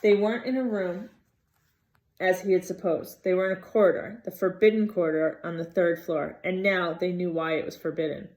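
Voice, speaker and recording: A woman reading a novel aloud in an expressive, dramatic way. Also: lowish voice, moderate pace. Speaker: reader.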